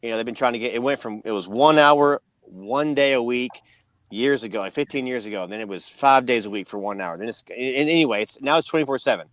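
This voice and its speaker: A man's voice: mid-range voice, quick pace, fairly bright tone, dry recording. A man co-hosting a podcast, telling a long story in a casual, rambling way. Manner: rambling storyteller, many restarts. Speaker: podcast co-host.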